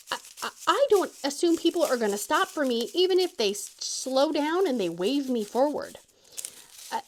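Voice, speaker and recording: A woman chats through a story in a lively, swooping voice that sits a little high, laughing often and jumping up in pitch when she quotes someone. She talks like a friendly craft-channel host. Faint crinkling of packaging sits behind her. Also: slight background noise. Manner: animated, laughing, quoting others in a raised voice. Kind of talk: casual storytelling chat.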